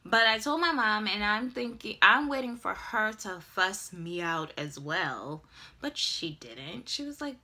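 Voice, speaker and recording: Young woman vlogging, super dramatic storyteller, bright voice, swoops all over, slow pace. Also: medium pitch, big pitch swings. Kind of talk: casual storytime vlog.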